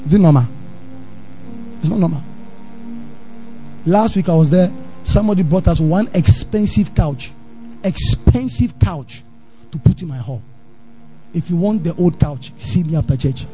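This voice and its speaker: A Ghanaian pastor preaching a sermon in church, animated, drifting into sing-song and acting out his stories. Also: on the high side, normal speed, pauses often, soft background music. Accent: Ghanaian English.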